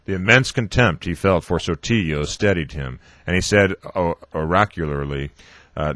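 Deep-voiced with a fairly bright tone, a man gives an audiobook-style reading of a novel on the radio, often stumbling and fixing his mistakes through restarts and filler sounds. No room sound is audible.

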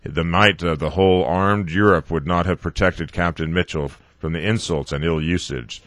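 A man reading a novel aloud, haltingly, often stumbling over words and correcting himself. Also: low voice, steady tone, a bit bright, no room sound. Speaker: reader.

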